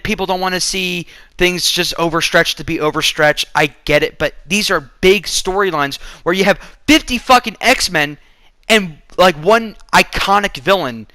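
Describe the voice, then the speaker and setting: A man rants through a movie review with sarcasm and plenty of swearing. His voice sits a bit high and sounds sharp and tense. The sound is close and dry, with no room around it. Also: dry recording. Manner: profane, sarcastic ranting. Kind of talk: casual movie review rant.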